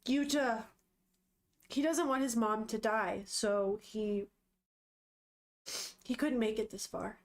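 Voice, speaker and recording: A woman voicing a quiet, grieving father in a subdued, hesitant way while reading a manga aloud. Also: a little high, steady tone, takes it slowly, long pauses.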